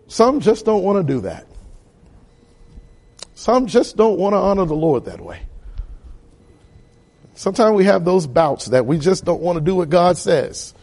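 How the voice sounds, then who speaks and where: A man preaching a sermon, building repeated phrases to loud emphatic peaks. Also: high-pitched. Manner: emphatic, repetitive cadence, rising to loud peaks.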